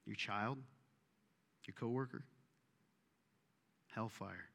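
A man preaching a sermon, animated and joking, with self-deprecating asides, in a church auditorium. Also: on the low side, takes it slowly, vocal fry. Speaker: pastor. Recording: long reverb of a large hall.

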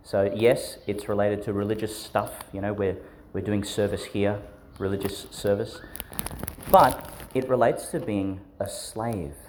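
A man's voice: fairly low pitch, steady tone, unhurried, darkish tone, a little hiss or hum. A man, a priest giving a homily to schoolchildren in a chatty, questioning way that often breaks into laughs. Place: school church service.

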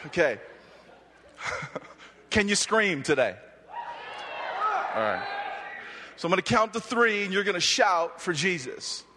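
A man from Hawaii speaking at a youth conference, preaching energetically, often shouting and joking. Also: sits high, slow, long pauses, noisy background. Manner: animated, shouting, joking, restless. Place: large hall with audience. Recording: long hall reverb.

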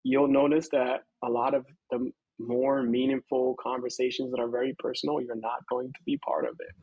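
A man's voice: mid-range voice, little pitch movement, moderate pace, breathy edge, no echo, phone-quality sound. American man, dry close sound. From United States. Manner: reflective, many fillers and restarts, laughs while talking. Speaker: co-host. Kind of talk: casual conversation.

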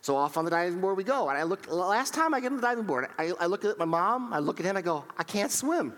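Animated male pastor in a reverberant hall. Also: sits high, fast. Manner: animated storytelling with acted-out quotes; frequent repetitions and restarts. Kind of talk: sermon.

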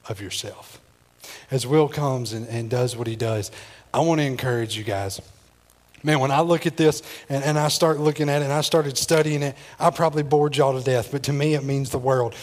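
Emotional high-voiced preacher. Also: male voice. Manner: emotional, swinging from loud pleading to quiet intensity. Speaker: pastor. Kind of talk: sermon.

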